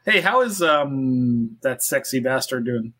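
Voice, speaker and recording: A man's voice: medium pitch, animated, unhurried, bright, forceful tone. A man co-hosting a podcast, dropping wry one-liners and laughing often. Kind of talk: casual chat.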